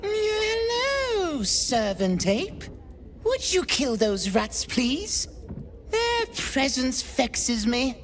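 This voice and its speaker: A haughty lordly cat. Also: female voice, high-pitched, huge pitch swings, slight background noise, full character voice. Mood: disdainful. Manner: disdainful, drawn-out.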